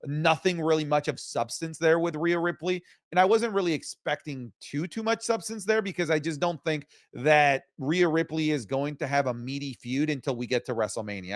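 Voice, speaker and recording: A man co-hosting a casual wrestling review show, giving animated, opinionated takes. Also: on the high side, moderate pace, few pauses, no room sound, clean studio sound. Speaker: co-host.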